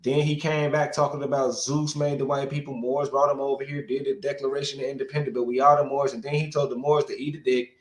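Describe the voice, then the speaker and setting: A man's voice: medium pitch, little pitch movement, fast talker, hardly any pauses, roomy sound. A man giving rambling livestream commentary, heated and profane, talking straight to his chat.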